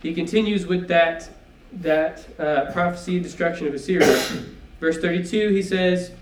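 A preacher with a high-pitched voice teaches a Bible class in a church hall at normal speed, keeping it conversational and checking in with "okay?" asides. The room is echoey and the mic sits at a distance.

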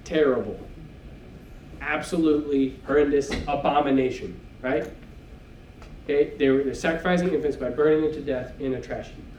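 A man's voice: medium pitch, normal speed, darkish tone, a little hiss or hum. A man teaching a Bible class in church, talking it through in a conversational way and checking in with "okay?" asides. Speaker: preacher. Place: church hall. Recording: echoey room, mic at a distance.

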